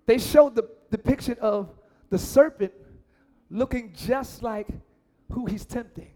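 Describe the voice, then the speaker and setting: A man preaching a lively sermon as pastor, acting out voices and shouting lines for emphasis. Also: very high voice, a little slow.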